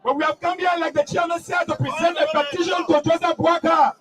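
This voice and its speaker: A man giving a shouted protest speech at an outdoor rally, leading chants and rousing the crowd. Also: very high voice, little pitch movement, brisk, over music. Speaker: protest speaker. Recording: distant mic, loud crowd outdoors.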